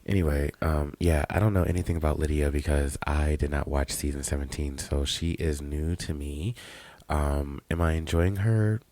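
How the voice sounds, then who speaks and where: A man's voice: rumbling low, fairly even intonation, moderate pace, warm tone, no echo. A man co-hosting a casual podcast, blunt, profane and opinionated as he chats. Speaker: podcast co-host. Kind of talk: casual chat.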